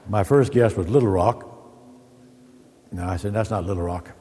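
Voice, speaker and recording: A man preaching a sermon as an Orthodox priest, telling folksy stories, then teaching in a measured way. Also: fairly low pitch, warm tone, a little hiss or hum. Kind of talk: sermon with opening jokes. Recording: echoey hall with long reverb.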